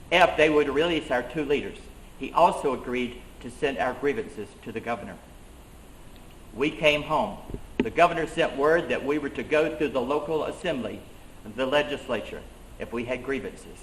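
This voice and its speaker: This first-person reenactment monologue comes from a living-history performer portraying an 18th-century colonial schoolmaster who turned rebel leader. The man's mid-range, fairly bright voice sounds close to everyday speech, stressing points earnestly. A faint hiss or hum and a roomy echo color the recording.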